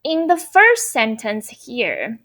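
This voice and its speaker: A woman teaching an online Mandarin lesson, who explains cheerfully and repeats phrases slowly. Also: on the high side, wildly swooping pitch, pushed and bright. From Taiwan.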